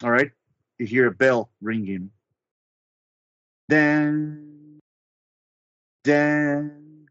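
A man narrating as game master of a tabletop game over an online call, measured and hesitant, with frequent ums. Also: on the high side, a bit bright, smooth, dry recording, highs cut off.

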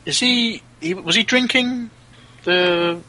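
A man playing a tabletop game, asking questions in a halting way. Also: high-pitched, sharp tone, slight background noise, rough recording. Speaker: player.

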